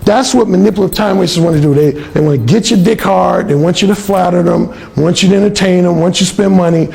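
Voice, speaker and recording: Brief: high-pitched man with a gravelly edge, blunt storyteller. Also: fast. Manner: blunt, profane, animated. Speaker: dating coach and author. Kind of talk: casual storytelling monologue.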